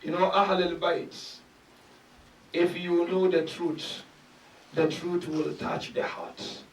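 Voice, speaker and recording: High-pitched, slow preaching man in an echoey hall. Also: level tone, a little hiss or hum. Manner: emphatic preaching, rising to shouted peaks; enumerates points and asks rhetorical questions. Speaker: sheikh giving a lecture. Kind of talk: sermon. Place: large mosque hall. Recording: echoey hall, speaker far from mic.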